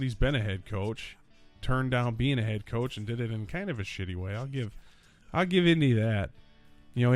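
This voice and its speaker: A man hosting a casual solo sports podcast, talking in an animated, rambling way and repeating lines for emphasis. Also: mid-range voice. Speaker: podcast host. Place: lives in Orlando.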